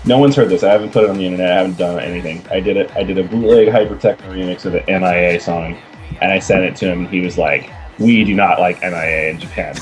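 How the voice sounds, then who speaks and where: Deep-voiced man, easygoing chatty musician guest. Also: rapid-fire, over music. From Portland, US. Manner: chatty, rambling storyteller with many fillers. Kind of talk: casual podcast chat.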